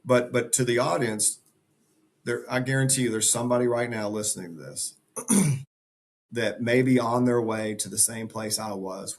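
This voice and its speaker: A man's voice: medium pitch, fairly even intonation, normal speed. A middle-aged man speaking as a podcast guest, earnest and emphatic in a motivational way. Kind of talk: conversational interview.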